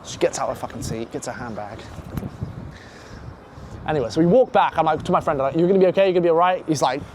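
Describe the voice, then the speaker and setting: A young man casually telling a profane, animated story and acting out the other voices in it. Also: fairly high pitch, quick pace, background noise.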